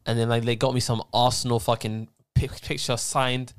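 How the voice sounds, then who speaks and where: A man's voice: medium pitch, little pitch movement, moderate pace, clean tone. A young man, a university student and podcast regular, telling rambling stories in casual chat. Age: young adult. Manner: rambling storyteller, laughs often. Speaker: podcast co-host.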